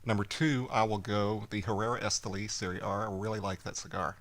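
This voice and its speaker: A man's voice: fairly low pitch, steady tone, fairly quick, a bit bright. A man co-hosting a casual podcast chat, telling stories with quoted lines and a laugh. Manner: storytelling with acted quotes and laughter. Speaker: podcast co-host.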